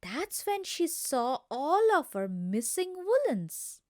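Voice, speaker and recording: A woman narrating a school play in a slow, lilting storytelling manner. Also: high-pitched, very animated, no echo, clean studio sound.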